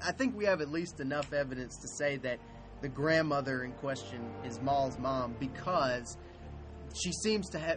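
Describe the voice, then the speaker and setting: A man hosting a podcast, talking casually about a movie with many restarts and hesitations. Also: mid-range voice. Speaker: podcast host.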